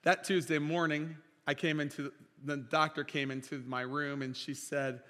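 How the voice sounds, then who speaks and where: A man preaching a sermon as pastor, impassioned, swinging between loud declarations and quiet storytelling. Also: a little high, level tone, moderate pace. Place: church sanctuary. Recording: reverberant church hall.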